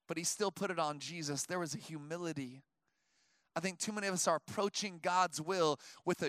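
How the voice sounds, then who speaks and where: A man's voice: on the high side, fast, no room sound. A man in his thirties, a pastor preaching a sermon to his church, mixing fervent calls with chatty, filler-laden stories. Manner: preaches with rising intensity, then tells stories in a relaxed aside; conversational, with many fillers like "like" and "you know". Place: church service before a congregation.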